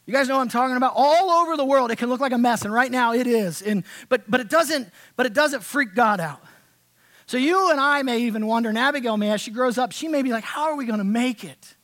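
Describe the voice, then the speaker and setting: A man with a notably high voice preaches to his congregation in a loose, conversational way. He drops almost to a whisper for tender moments and climbs to loud, excited emphasis for others. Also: quick pace. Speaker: pastor. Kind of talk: sermon. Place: church sanctuary.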